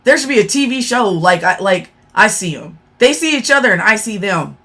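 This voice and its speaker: A woman's voice: medium pitch, lively intonation, a little fast, a bit bright. A woman hosting a casual livestream, blunt and profane, talking straight to her chat and calling them y'all, with a sore throat. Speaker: livestream host. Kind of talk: casual live-stream chat.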